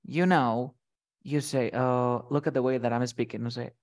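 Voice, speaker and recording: A man's voice: medium pitch, fairly even intonation, moderate pace, a little mellow. A man teaching English vocabulary in conversation, explaining each word with short acted example lines and often checking that his student follows.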